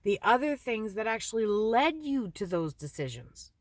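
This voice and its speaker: A middle-aged woman telling stories in a casual, animated way, laughing and swearing lightly. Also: mid-range voice, normal speed, dry recording, studio quality. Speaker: card reader. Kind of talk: casual storytelling.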